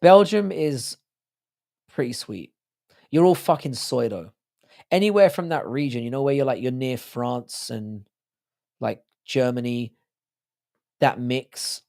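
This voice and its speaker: A man's voice: medium pitch, slow pace, creaky, long pauses, darkish tone. A man hosting a livestream, rambling profanely in casual chat and reading out viewer comments. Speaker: livestream host.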